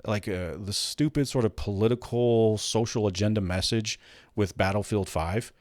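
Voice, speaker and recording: A man's voice: on the low side, moderate pace, darkish tone, no echo, clean studio sound. A man hosting a casual commentary show, ranting bluntly and swearing, with many restarts. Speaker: host.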